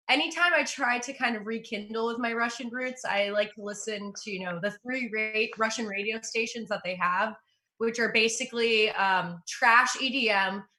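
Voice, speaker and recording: A woman's voice: fairly high pitch, sharp tone. A young woman doing a stand-up comedy set from home for an online show, upbeat and self-mocking. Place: at home in front of a green screen. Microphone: computer mic for an online show.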